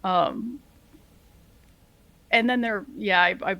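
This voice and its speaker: A middle-aged woman, a retired Army sergeant, telling stories as a podcast guest in a lively, self-deprecating way, laughing often and acting out what people said. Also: mid-range voice, slow, no echo. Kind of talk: casual interview storytelling.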